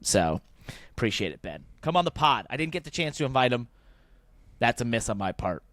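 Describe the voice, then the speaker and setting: A man co-hosting a motorsport podcast in casual chat, rambling and thinking aloud, growing animated when he rants. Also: mid-range voice, brisk, dry recording. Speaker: podcast co-host.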